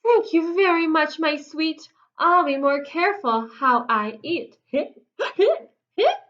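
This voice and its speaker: A woman's voice: high-pitched, unhurried, fairly bright tone, dull audio. A woman doing a hiccuping, fretful papa bear. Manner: hiccups in sing-song rhyme. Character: fussy hiccuping father bear.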